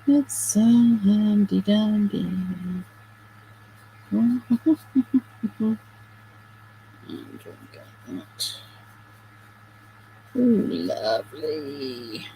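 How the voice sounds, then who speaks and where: A woman's voice: medium pitch, animated, extremely slow, long pauses, mellow, a little hiss or hum, poor audio. A middle-aged woman hosting a craft video, chatting casually and self-deprecatingly while she works, with giggly asides.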